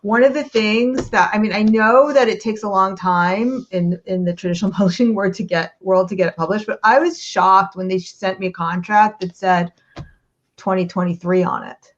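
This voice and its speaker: A woman hosting a podcast interview in a casual, playful, teasing way. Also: mid-range voice. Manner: playful, teasing, quick asides. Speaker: podcast host. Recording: slightly dull, lo-fi audio.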